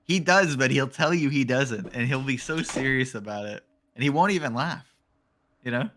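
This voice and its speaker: A man with a bright, forward voice co-casts an amateur esports match on a live stream. He jokes around and tells teasing anecdotes in easy, casual banter. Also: medium pitch, expressive, moderate pace. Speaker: esports co-caster.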